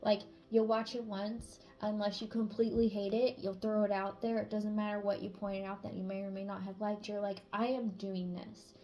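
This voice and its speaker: A woman tarot reader giving a channeled spiritual reading in a blunt, casual way, swearing freely and sometimes dropping to a hush. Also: mid-range voice, level tone, brisk, few pauses.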